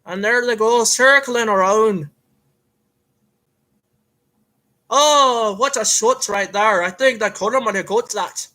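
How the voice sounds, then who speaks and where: A man with a high, sharp voice speaks at a measured pace in a rough recording. Voicing a self-proclaimed Irish fight commentator in a put-on, admittedly a bit off accent, he delivers excitable, hammy comic play-by-play packed with rambling fillers.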